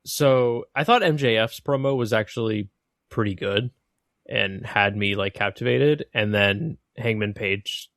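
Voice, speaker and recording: A man's voice: on the low side, unhurried, fairly bright tone, no room sound, clean studio sound. A man co-hosting a casual wrestling podcast, opinionated and mocking, sometimes mimicking wrestlers mid-rant. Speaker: podcast co-host.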